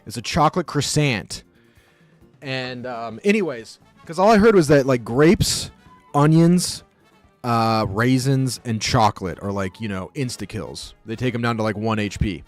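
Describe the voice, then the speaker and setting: A man telling a casual story on his live stream, animated, profane and rambling. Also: mid-range voice, unhurried, faint music behind.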